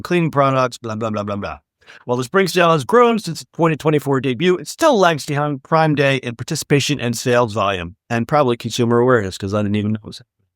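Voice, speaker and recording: A man's voice: on the high side, no room sound, studio quality. A man co-hosting a retail news podcast, reading the stories with wry, sarcastic asides in casual chat. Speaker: podcast co-host.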